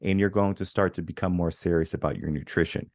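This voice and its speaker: A man's voice: deep voice, fairly even intonation, quick pace, darkish tone, no echo. A man speaking as a guest coach on a podcast, earnest and motivational in tone. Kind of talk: podcast conversation.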